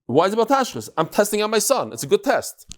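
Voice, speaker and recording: This rabbi's daily Talmud lecture comes in a high, sing-song voice delivered quickly. He thinks out loud, performs the back-and-forth of the exchanges, and weaves Hebrew and Aramaic terms into his English.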